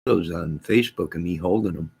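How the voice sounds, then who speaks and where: A middle-aged man hosting a casual livestream, reading viewer comments aloud, rambling and joking deadpan with sudden loud outbursts. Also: brisk, very noisy. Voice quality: gravelly, husky low voice.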